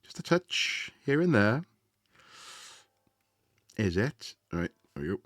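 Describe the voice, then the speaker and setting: Man streaming his drawing, deep voice, dry close mic, thinking aloud. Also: slow pace, dry recording. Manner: relaxed, thinking aloud, trailing off, chatting to viewers. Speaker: art streamer. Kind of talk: casual chat while drawing live.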